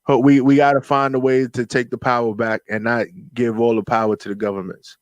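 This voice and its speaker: A man's voice: mid-range voice, level tone, a little fast, no room sound. A man hosting a casual radio talk show, laid-back and preachy, full of street slang.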